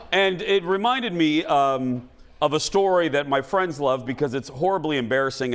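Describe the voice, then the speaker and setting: Lively animated man hosting a talk show. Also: fairly high pitch. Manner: animated storytelling, self-mocking. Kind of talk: studio talk show monologue. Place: TV studio with live audience.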